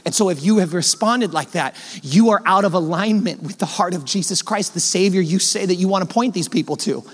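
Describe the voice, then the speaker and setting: A man with a notably high voice preaches a fervent sermon to his congregation. He talks plainly and directly, swinging between loud, driving emphasis and hushed asides. His voice rings out with the long reverb of a large church hall. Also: fairly quick. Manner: colloquial, direct address to the congregation. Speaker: pastor. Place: church sanctuary.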